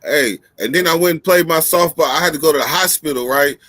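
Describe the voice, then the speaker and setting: Bright-voiced man telling stories. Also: fairly high pitch, fast talker, no room sound. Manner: animated storyteller, profane, slangy. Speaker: podcast host. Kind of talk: casual chat.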